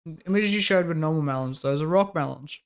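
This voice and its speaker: A man's voice: on the high side, fast talker, clear, resonant tone. A man in casual stream chat, joking and swearing freely. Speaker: streamer guest.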